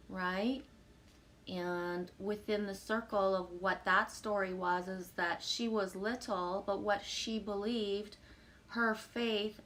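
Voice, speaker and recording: A woman on a live stream at home, reading viewer comments aloud and answering them in a relaxed, rambling way with frequent fillers and soft laughs. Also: medium pitch. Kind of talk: casual live-stream chat.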